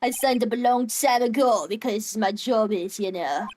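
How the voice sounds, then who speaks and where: A woman's voice: fairly high pitch, normal speed, darkish tone, a little hiss or hum, close to an everyday voice. A woman reading as a laid-back dude-talking odd man. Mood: mellow. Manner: casual, drawling, says "dude".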